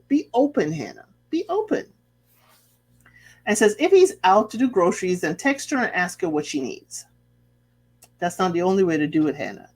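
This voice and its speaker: A woman's voice: mid-range voice, darkish tone. A middle-aged woman hosting a casual TV recap, sassy and chatty, laughing often and talking back to the people on screen. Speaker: recap channel host.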